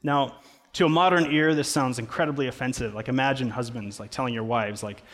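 A man's voice: mid-range voice, fairly even intonation, a little fast, a bit bright. A man, a pastor, preaching a sermon in a casual, conversational way with playful asides. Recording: long reverb of a large hall.

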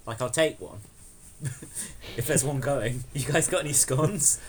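A man's voice: medium pitch, unhurried. A young man chats on a podcast, dry and sardonic, laughing often and swearing freely. A faint hiss of noise sits behind his voice. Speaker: podcast co-host. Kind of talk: casual chat.

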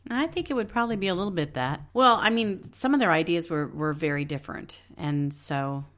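A woman's voice: fairly low pitch, fairly quick, a bit bright. A woman co-hosting a casual podcast chat, easygoing and wry. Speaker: podcast co-host.

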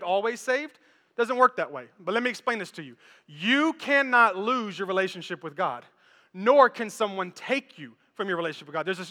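High bright-voiced male pastor preaching. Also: in a large hall. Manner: animated, conversational, repeats words, jokes with congregation. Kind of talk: energetic sermon with stage demonstration. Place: church.

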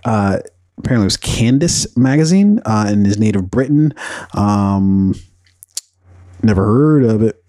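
A man's voice: fairly low pitch, animated, measured pace, pauses often, warm tone, no room sound. A man hosting a podcast in casual solo commentary, rambling and profane, with many fillers and bursts of animation. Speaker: podcast host.

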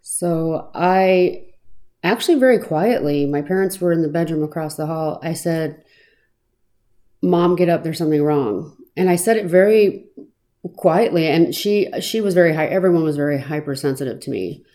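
A woman recounting her own past in an earnest, reflective personal testimony, pausing now and then with small fillers. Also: sits low, dark tone. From Arizona, US.

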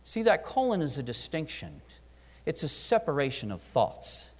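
A man delivers a sermon in a church hall, his fairly high voice swinging widely in pitch. He slips in and out of acted prayers and dialogue with real animation. A long hall reverb trails every phrase. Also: wildly swooping pitch, moderate pace. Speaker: preacher.

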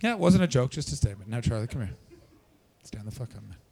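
A brash man works the crowd as a stand-up comic. His voice carries a gravelly rasp, and he teases, swears and pushes hard at the people he picks on. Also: medium pitch, very animated, quick pace, dark tone. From Canada. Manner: brash, profane, teasing. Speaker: stand-up comedian.

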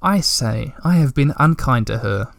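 A man voicing a slow, good-natured male creature musing to himself in a storybook reading. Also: medium pitch, lively intonation, gravelly, a bit bright, no echo.

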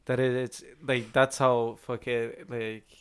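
A man co-hosting a film podcast, sweary and animated, laughing often as he talks. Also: medium pitch, unhurried, clean tone. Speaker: podcast co-host. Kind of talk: casual film chat.

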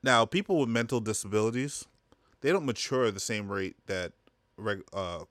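Man co-host, bright forceful voice, crude joker, laughs a lot, dry close sound. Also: fairly low pitch, lively intonation, normal speed, no room sound. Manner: joking, laughs often, crude humor. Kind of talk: casual chat.

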